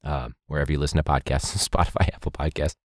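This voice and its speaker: A man's voice: very deep voice, fast, no echo, studio quality. A young man, a teacher hosting a podcast, talking casually and animatedly, joking and mimicking others. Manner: animated, jokey, mimics people in a loud voice.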